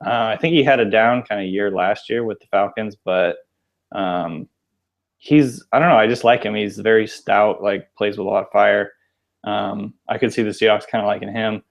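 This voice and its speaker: Low-voiced man on a dull lo-fi line. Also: moderate pace, gravelly. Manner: easygoing, hedging with "like" and "I think". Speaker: podcast co-host. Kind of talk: casual sports podcast chat.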